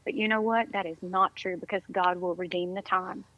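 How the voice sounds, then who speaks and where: A woman's voice: fairly low pitch, fairly even intonation, brisk, sharp tone, no echo, dull audio. A woman talking as a podcast guest, upbeat and effusive, full of faith-filled encouragement. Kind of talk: casual interview chat.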